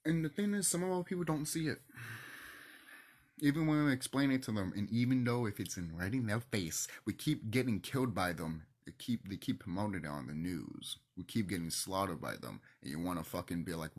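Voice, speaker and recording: Husky-voiced man ranting heatedly. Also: sits low, lively intonation, a little fast. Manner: heated, profane, preachy. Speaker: channel host. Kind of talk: ranting monologue to camera.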